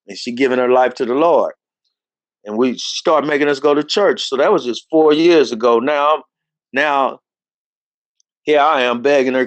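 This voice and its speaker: Animated storytelling man, dry sound. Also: no echo. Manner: animated, acts out quoted voices in a higher pitch. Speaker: interview guest telling his life story. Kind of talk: casual storytelling.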